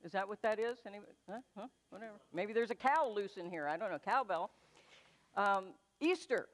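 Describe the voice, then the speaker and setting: A woman minister giving chatty, self-deprecating church announcements, then leading a slow, soothing guided meditation in a church sanctuary. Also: mid-range voice.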